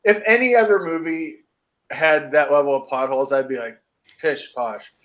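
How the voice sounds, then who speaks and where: A man's voice: a little high, fairly quick. An American man co-hosting a podcast, chatting casually and jokily about horror movies and laughing often. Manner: animated, jokey, laughs often. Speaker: podcast co-host.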